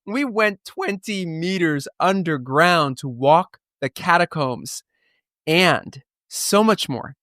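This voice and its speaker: A man's voice: on the high side, expressive, slow pace, a bit bright, dry recording, studio quality. Playful man hosting a podcast. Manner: playful, jokey. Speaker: podcast host. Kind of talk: upbeat podcast intro. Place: London.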